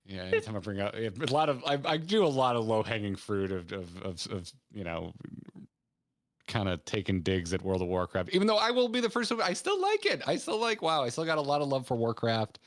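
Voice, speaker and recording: A man's voice: medium pitch, huge pitch swings, a little fast. A man hosting a casual podcast, chatty and prone to restarting his sentences. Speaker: podcast host.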